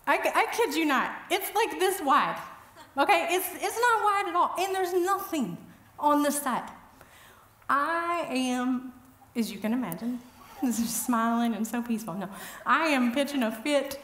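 A middle-aged woman with a fairly high voice tells stories at an event, chatty and self-mocking. Her animated delivery rings out in a roomy, echoey hall. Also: a little slow. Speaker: event speaker. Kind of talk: humorous storytelling talk.

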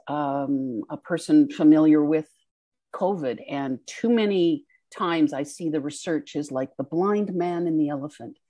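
A woman hosting an interview, asking measured, reflective questions. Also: low voice, warm tone, dry recording. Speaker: interviewer host.

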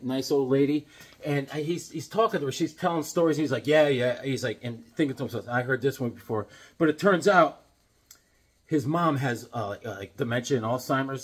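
Middle-aged male comic reviewer, husky and rambling, casual delivery. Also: fairly high pitch, fairly bright tone. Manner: rambling, repeats and restarts himself. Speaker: comic book video host.

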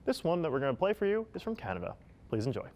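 Guy hosting a comedy show, high bouncy voice, gets all worked up. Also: big pitch swings, racing, darkish tone. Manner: exasperated, theatrical. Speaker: host.

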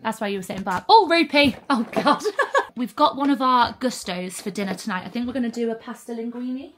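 A woman's voice: a little high, quick pace, fairly bright tone, slight background noise. A bubbly woman vlogging casually from a cabin, chatting to the camera and cooing at her dog. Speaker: lifestyle vlogger. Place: cabin in the woods.

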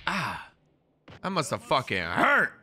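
A young man doing live reaction commentary on an anime, excitable and profane, shouting at the screen. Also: mid-range voice, slow.

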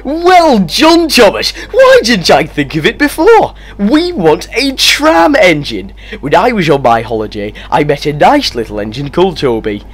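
A stout, bossy railway boss who blusters and huffs, put on by a man with a Scottish accent. The voice sits higher than usual and jumps about lively, with faint music behind. A storybook figure. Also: moderate pace, slightly rough, full character voice. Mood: delighted. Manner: blustering, indignant.

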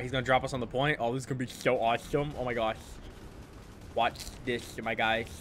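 A man's voice: medium pitch, fairly even intonation, moderate pace, pauses often, slight background noise. A man giving casual, joking commentary over his own game footage. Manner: chatty, joking, loud outbursts. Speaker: gaming YouTuber.

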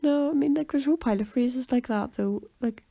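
A young woman co-hosting a podcast, relaxed and rambling in casual chat. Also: high-pitched, quick pace, vocal fry, no echo, studio quality. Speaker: podcast co-host.

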